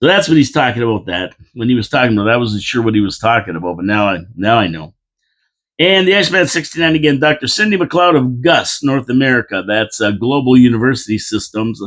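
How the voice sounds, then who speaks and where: A man's voice: mid-range voice, expressive, fast talker, fairly bright tone. A man hosting a casual local politics show, rambling and chatty, repeating phrases and reading out viewer comments with mock-indignant asides.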